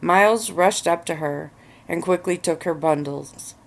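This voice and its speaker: A woman relaxing on a bed of pillows, reading her own story aloud in a relaxed ASMR-style narration. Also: on the low side, a little slow, vocal fry.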